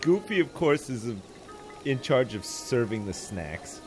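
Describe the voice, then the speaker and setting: A man's voice: medium pitch, big pitch swings, measured pace, music in the background. A man streaming a game live, joking, swearing and reading game text aloud in casual commentary.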